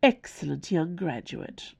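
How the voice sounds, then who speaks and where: A refined, elegant lady from a storybook, as a woman reader puts her on. Her speech is formal and measured, with a lively lilt and a slight gravel in the low voice. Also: exaggerated voice. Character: elegant, gracious older woman official.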